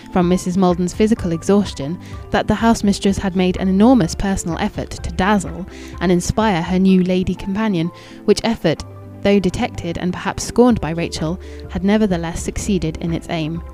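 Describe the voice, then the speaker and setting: A woman narrating a classic novel in a measured, even and formal reading. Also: fairly low pitch. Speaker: audiobook narrator.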